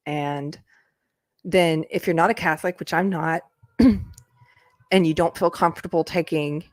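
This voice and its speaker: A woman's voice: low-pitched, fairly even intonation, measured pace, dry recording, studio quality. A woman hosting a casual live chat, rambling through stories and laughing often. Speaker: livestream host. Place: indoors, upstairs room.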